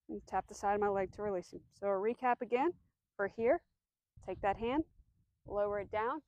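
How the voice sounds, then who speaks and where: A woman dog trainer giving a demonstration outdoors, explaining steps clearly, giving firm commands and soft praise to the dog. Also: mid-range voice, moderate pace, dry recording, dull audio.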